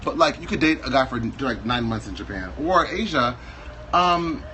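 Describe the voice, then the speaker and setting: A man's voice: mid-range voice, lively intonation, moderate pace, sharp tone, a little hiss or hum, low-quality recording. A man in his thirties from Wisconsin, chatting as a guest in a flamboyant, campy, playfully exaggerated way. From Wisconsin, USA. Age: 30s. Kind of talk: casual chat.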